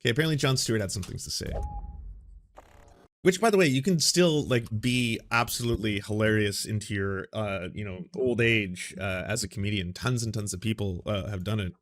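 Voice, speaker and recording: Male streamer, loose and rambling, curses freely, lively delivery. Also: fairly low pitch, brisk. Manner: animated, rambling, frequent swearing. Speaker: streamer reacting to a video. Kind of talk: casual live-stream commentary.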